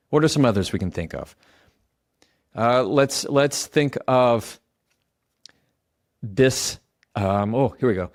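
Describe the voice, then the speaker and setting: A man's voice: medium pitch, expressive, moderate pace, no room sound, studio quality. A man giving a motivational advice talk, speaking directly and coaching the listener, often repeating example phrases aloud.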